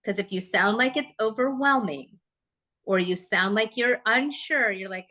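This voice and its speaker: A woman giving a live real estate training talk, chatty and lively, often asking the audience questions. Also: medium pitch, unhurried. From Oregon, USA.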